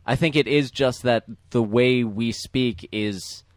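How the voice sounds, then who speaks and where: A man's voice: mid-range voice, slow pace, no room sound. A man in a casual movie discussion, explaining his point thoughtfully with small hesitations.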